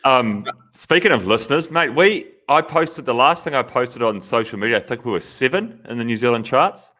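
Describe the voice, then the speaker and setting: A man's voice: mid-range voice, lively intonation, normal speed, sharp tone. A man co-hosting a podcast, upbeat and enthusiastic in casual chat. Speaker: podcast co-host.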